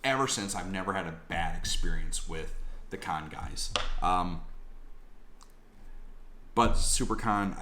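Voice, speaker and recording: Low-voiced rambling male vlogger. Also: sharp tone. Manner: rambling, lots of fillers. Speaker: vlogger reviewing a convention. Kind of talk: casual rambling vlog.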